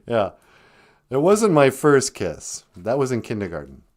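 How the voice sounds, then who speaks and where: A playful man hosts a casual live stream. His pitch swings widely as he chats, chuckles and greets viewers one by one. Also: very animated, a little slow. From north central Minnesota. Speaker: host.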